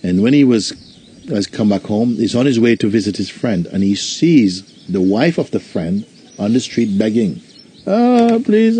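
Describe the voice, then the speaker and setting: A man, a spiritual teacher, giving a satsang talk and telling a story in a gentle, unhurried way. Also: fairly low pitch, a little hiss or hum.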